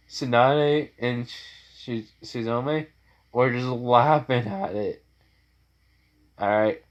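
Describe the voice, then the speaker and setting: Slow rambling male storyteller. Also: mid-range voice, dull audio. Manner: rambling, many fillers and restarts. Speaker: fan story narrator. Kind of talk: casual fan-fiction storytelling.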